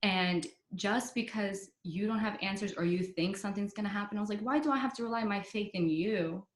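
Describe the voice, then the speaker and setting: A woman's voice: mid-range voice, brisk. A young woman telling her story as a podcast guest in a chatty way, full of "like" and "you know". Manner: chatty, many fillers like "like" and "you know", quotes others in dialogue. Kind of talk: casual storytelling interview. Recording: roomy echo.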